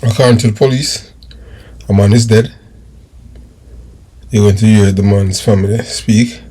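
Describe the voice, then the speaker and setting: Jamaican male crime-vlog host, husky, low-pitched, emphatic and repetitive. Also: fairly even intonation, unhurried, dark tone. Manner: emphatic, repeats phrases for stress. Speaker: crime news channel host. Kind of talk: commentary vlog.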